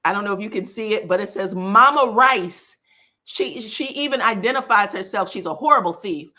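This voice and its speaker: A woman's voice: medium pitch, moderate pace, pushed and bright. A woman hosting a casual live gossip stream, chatting to viewers and reading their comments aloud. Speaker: celebrity gossip host.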